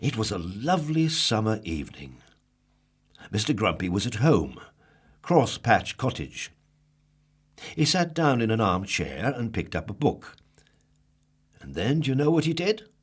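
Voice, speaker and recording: A man reads a children's story aloud in a low, husky voice. His pitch swoops widely as he tells it. He draws out words and asks the listener playful questions. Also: very animated, a little slow, pauses often, soft background music. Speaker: storybook narrator.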